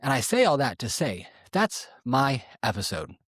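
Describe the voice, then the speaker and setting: A young man telling his own story in a sassy, emphatic way, swearing freely and swinging from loud to low. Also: huge pitch swings, moderate pace, husky, no room sound, clean studio sound. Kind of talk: casual storytelling.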